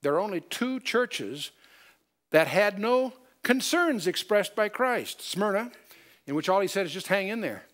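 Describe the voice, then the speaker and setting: A man's voice: high-pitched, expressive, unhurried, fairly bright tone. A man giving a Bible study lecture, explaining step by step and quoting scripture in old-style wording. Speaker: Bible teacher.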